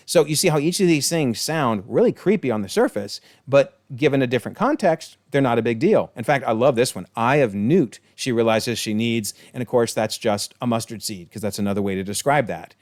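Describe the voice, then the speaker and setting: This expressive online reviewer breaks down a TV episode casually and chattily, amused and quick to label things hilarious. He briefly performs quoted lines in altered voices, speaking at an ordinary middle pitch. No room echo here; the sound is dry and close.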